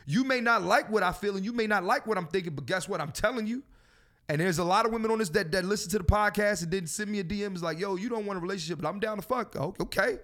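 High-voiced, profane male podcast host. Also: fast talker, a bit bright. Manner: profane, preachy and joking. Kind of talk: casual podcast chat.

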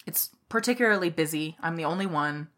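Podcast co-host, young woman, low-ish bright voice, chatty storyteller who curses casually. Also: brisk. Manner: laughs often, swears casually.

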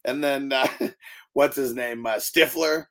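A man's voice: mid-range voice, fairly even intonation, slow pace, fairly bright tone. A man on a loose, casual podcast, rambling from one movie scene to the next. He laughs a lot and swears without a second thought. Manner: rambling, laughs often, swears freely, acts out quotes. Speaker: podcast co-host.

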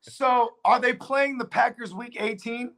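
A man co-hosting a casual sports show, with a high, bright voice. He talks in a loose, slangy, animated way and swears freely. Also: unhurried. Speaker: sports podcast co-host.

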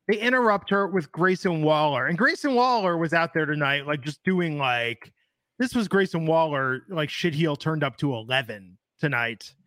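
Bright, dry-sounding male podcast host. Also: fairly high pitch, no echo. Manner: rambling, thinks aloud with fillers. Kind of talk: casual wrestling podcast chat.

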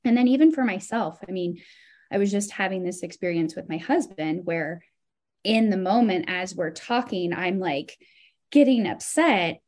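A woman guest speaking in an easy conversational way, thoughtful and measured. When she recounts a story, her voice livens up with quick bursts of energy. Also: fairly low pitch. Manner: reflective, animated when telling stories. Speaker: podcast guest. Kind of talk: casual conversational interview.

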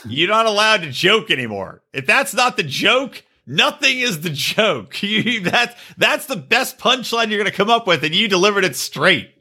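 A man co-hosting a podcast in casual chat, profane and animated, often mocking people in quick put-on voices. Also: sits high, breathy edge. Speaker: podcast co-host.

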